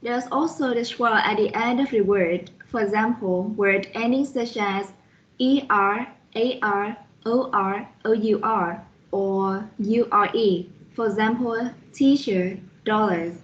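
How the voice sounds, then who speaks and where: A woman presenting a lesson on pronunciation, reading out spellings and examples slowly and carefully, one letter at a time. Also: mid-range voice, highs cut off. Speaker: student presenter reviewing a phonetics lesson. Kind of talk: slide-by-slide explanatory lesson.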